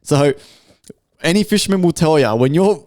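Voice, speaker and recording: A man's voice: fairly high pitch, moderate pace, no room sound, clean studio sound. A young Australian man co-hosting a podcast, telling a story in casual chat, swearing freely and full of slang. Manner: profane, animated storytelling with heavy slang. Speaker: podcast co-host.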